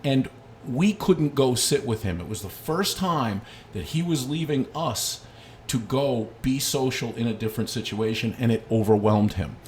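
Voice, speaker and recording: A middle-aged man talks through a dog-training lesson in a relaxed, conversational way. He mixes explanation with lively personal stories at an even middle pitch, over a faint hiss of background noise. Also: normal speed. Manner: storytelling with lively anecdotes. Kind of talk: casual instructional talk.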